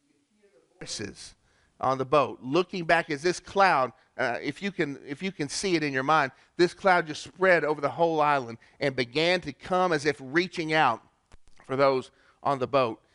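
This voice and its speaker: A man preaching a Christmas sermon, earnest, with pauses and restarts. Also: a little high, fairly bright tone, no echo. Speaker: pastor.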